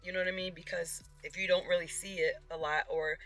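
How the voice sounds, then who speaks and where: A man's voice: sits high, level tone, brisk, pushed and bright, soft background music. A male vlogger talking openly and emotionally to his viewers in a personal video. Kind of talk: personal vlog talk to camera.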